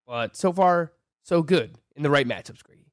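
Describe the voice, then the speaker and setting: Animated stat-heavy male podcast host. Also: a little high, moderate pace, dry recording. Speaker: fantasy baseball podcast co-host. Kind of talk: casual sports analysis chat.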